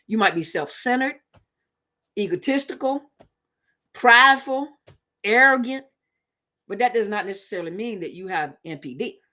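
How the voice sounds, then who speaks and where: A woman talking straight to her viewers on a live stream, with a mid-range voice that's neither high nor low. She's conversational and emphatic, circling back to hammer her points home. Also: expressive, moderate pace, long pauses, bright, forceful tone. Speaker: live-stream host on relationships. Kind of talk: casual live-stream talk.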